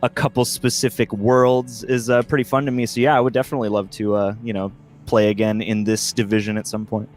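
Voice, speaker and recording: Low-voiced man chatting after a match. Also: flat delivery, a little fast. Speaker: competitor guest. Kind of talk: casual post-match chat.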